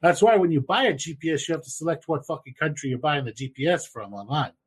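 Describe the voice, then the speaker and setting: Man, husky voice, fairly high pitch, swearing, lively casual chat. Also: fast. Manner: profane, animated, rambling with fillers.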